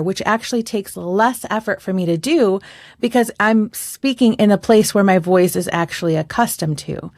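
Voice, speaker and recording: A woman's voice: mid-range voice, moderate pace, a little mellow, no room sound, clean studio sound. A woman, a voice coach and podcast co-host, who chats with care and hedges her words. She has a singer's trained, well-projected voice. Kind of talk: casual chat.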